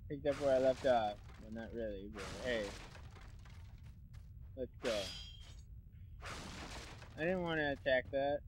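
A man's voice: mid-range voice, unhurried, pauses often, a little hiss or hum. A young man giving casual, rambling gameplay commentary, full of sarcastic asides and swearing. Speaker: let's play commentator. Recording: dull lo-fi dry mic.

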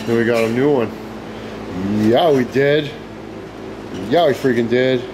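A man rambles to the camera in a rowdy, swear-filled vlog. His voice sits at a middling pitch. Clear background noise from engines and machinery runs under the recording. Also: a little slow. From Canada. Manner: profane, rowdy banter with loud outbursts. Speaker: vlogger. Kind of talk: casual vlog chat.

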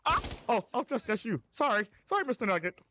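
A man putting on a high, squeaky mock-British voice as a pompous male streaming etiquette gentleman, giggly and flustered while commenting on his game. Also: very animated, fast, a little hiss or hum, full character voice. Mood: playful. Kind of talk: live gameplay commentary in character.

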